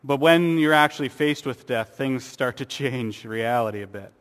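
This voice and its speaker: A man's voice: medium pitch, normal speed, a bit bright. A man preaching a sermon, earnest, with rhetorical questions and sarcastic asides. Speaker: pastor. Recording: long hall reverb.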